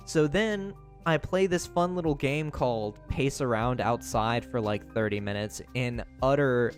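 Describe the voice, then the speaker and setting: Young male streamer, casual rambling story, medium pitch, filler words, faint music behind. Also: normal speed, hardly any pauses. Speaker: livestreamer. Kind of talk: casual chat.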